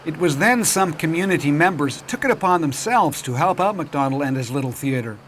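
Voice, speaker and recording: A man narrating a local television documentary in a measured, clear storytelling voice. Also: fairly high pitch, lively intonation, a bit bright, slight background noise. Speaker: program narrator and host.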